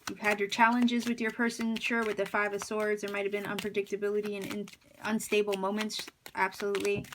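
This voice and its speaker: Woman, tarot reader, slight lisp, middle pitch, musing, hesitant, lots of fillers. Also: level tone, fairly quick, background noise. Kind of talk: pick-a-card tarot reading.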